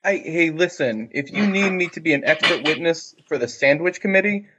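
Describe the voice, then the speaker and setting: Male player, higher voice, wisecracking, muffled lo-fi sound. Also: expressive, normal speed, pushed and bright, reverberant. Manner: jokey interjections. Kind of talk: casual tabletop role-play. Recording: dull lo-fi audio.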